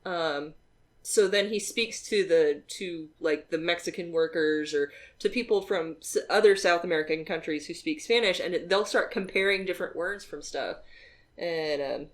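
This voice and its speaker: A woman's voice: fairly low pitch, normal speed. A married woman co-hosting a podcast, telling rambling anecdotes with many "um"s and side remarks. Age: adult, married. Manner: rambling storyteller, lots of "um" and asides. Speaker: podcast co-host. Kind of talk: casual chat.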